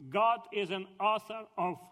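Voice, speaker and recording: A man from Ukraine with a Russian accent, preaching a sermon in halting English and searching for words. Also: sits high, fairly bright tone, big-room sound.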